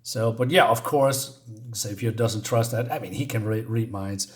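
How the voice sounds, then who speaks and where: A man casually reviewing a comic book, talking in a halting, rambling way with many restarts. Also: fairly low pitch.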